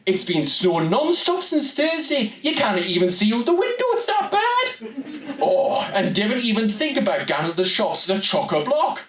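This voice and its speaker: A man doing a fussy older Geordie mum, high lively voice, chatty grumbling, live room with audience. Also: moderate pace, far from the mic, exaggerated voice. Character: older woman, the narrator's mother, forever complaining. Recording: roomy live venue, audience.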